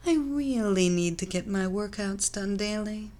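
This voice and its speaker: A woman voicing a soft, controlling young athlete. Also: mid-range voice, close to an everyday voice. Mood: hypnotic. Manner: slow, soft hypnotic cadence, drifting into whispers.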